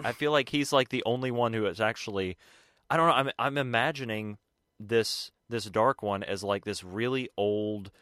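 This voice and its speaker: Male podcast co-host, bright tone, dry sound, wisecracking. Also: fairly low pitch, clean tone, no room sound. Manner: jokey, self-deprecating. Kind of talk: casual joking podcast chat.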